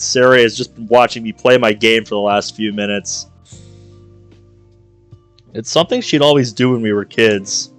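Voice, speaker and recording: A man's voice: fairly low pitch, fairly bright tone, clear, resonant tone. A man streaming a visual novel, reading it aloud and reacting with jokes. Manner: playful, reacts with jokes and laughter.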